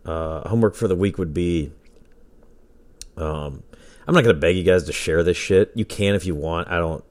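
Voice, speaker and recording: A man's voice: sits low, normal speed. A man hosting his own podcast from home, telling stories in a loose, profane way and laughing often. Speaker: podcast host. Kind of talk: casual solo podcast storytelling. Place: home with a dog nearby.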